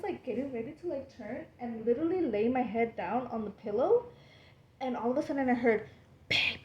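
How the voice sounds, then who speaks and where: A woman's voice: on the high side, slight background noise, poor audio. A young woman vlogger telling a personal ghost story in a casual, rambling way, full of "like" fillers and swearing. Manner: animated, rambling, lots of "like" fillers, swears freely.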